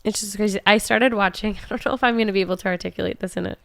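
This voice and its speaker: A woman hosting a podcast, talking in a relaxed, casual way and thinking aloud as she goes. Her voice is smooth and resonant at a mid pitch, recorded close and dry with no room sound. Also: very fast, no room sound. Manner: relaxed, reacts with short exclamations and restarts. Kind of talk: casual chat.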